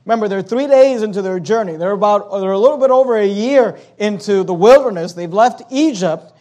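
A man's voice: high-pitched, fairly quick, mellow. A man preaching a sermon as pastor, emphatic, with rhetorical questions and frequent restarts.

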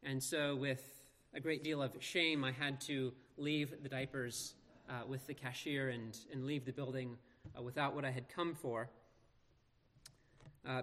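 A man pastor reading scripture aloud and preaching in an earnest, measured way with slow emphatic pauses. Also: a little high, a bit bright. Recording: long reverb of a large hall.

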